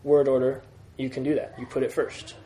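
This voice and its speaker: A man's voice: medium pitch, little pitch movement, brisk, mellow, slight background noise. A man teaching a Greek grammar lesson to a class, patient, repeating key points and checking that students follow. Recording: roomy classroom sound.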